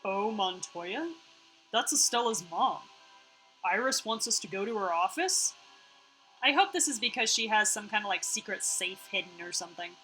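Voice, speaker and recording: A woman's voice: mid-range voice, expressive, normal speed, sharp tone, soft background music, rough recording. A woman streamer reading a story game aloud, casually narrating with chatty, playful asides.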